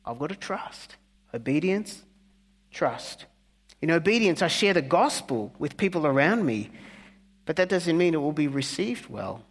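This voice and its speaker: A male pastor preaching a conversational sermon, earnest, with humorous asides and soft, hushed key words. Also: on the high side, sing-song, unhurried. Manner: earnest, softening to near-whispers on key words.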